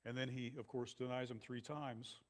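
A male pastor giving a sermon in a conversational, animated style with many asides to the congregation. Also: medium pitch, moderate pace.

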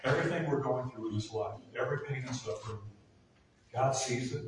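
A man's voice: mid-range voice, fairly quick, background noise. A man preaching a sermon as pastor, earnest and building to emphatic peaks. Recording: echoey room from far off.

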